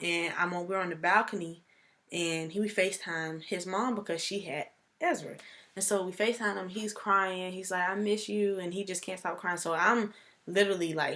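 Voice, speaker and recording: Young woman, vlogger, bright voice, chatty storytelling. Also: fairly low pitch. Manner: chatty, animated storytelling, giggly at times. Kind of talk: casual storytelling vlog.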